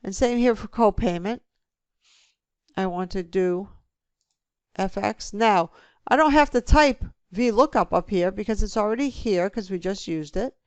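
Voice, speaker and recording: Woman with a smooth, dry voice explaining step by step. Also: medium pitch, unhurried, no room sound. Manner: relaxed step-by-step explaining, talking through each click. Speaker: instructor. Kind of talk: screen-recorded software tutorial.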